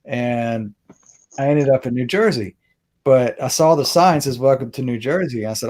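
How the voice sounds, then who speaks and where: A Mississippi host rambles through a story in a casual chat, interrupting himself and laughing at his own tale. His mid-range voice has a darkish tone at normal speed, captured by a webcam or phone on a video call.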